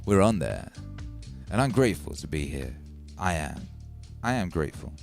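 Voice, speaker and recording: Low-voiced man chatting on a livestream. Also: moderate pace, gravelly, faint music behind. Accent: English Midlands with a Welsh tinge. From Wales. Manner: animated, swears freely, repeats himself for emphasis. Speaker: music producer hosting a livestream. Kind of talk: casual livestream chat.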